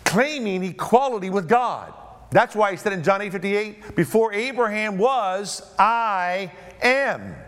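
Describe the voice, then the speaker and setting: A man preaching a sermon, moving between hushed, slow passages and raised, emphatic declarations. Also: animated, noisy background. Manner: dynamic preaching, swings between hushed low phrases and raised emphatic ones. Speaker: pastor.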